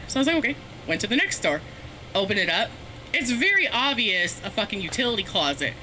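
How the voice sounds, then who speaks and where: A woman's voice: fairly high pitch, lively intonation, brisk, pushed and bright. A woman telling a rambling, profane, self-mocking story as a stand-up comedian, laughing often. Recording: faint background noise, live stream.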